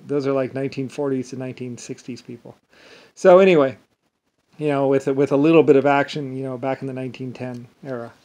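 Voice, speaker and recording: A man with a mid-range, darkish voice wanders through a rambling monologue, often starting his sentences over and falling back on the same fillers.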